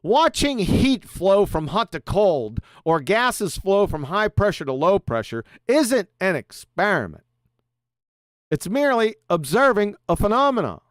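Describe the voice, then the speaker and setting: A man's voice: sits high, sing-song, measured pace, dry recording, clean studio sound. A middle-aged man hosting a livestream, lecturing sarcastically and firing off rhetorical questions. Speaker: show host. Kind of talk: lecture-style livestream monologue.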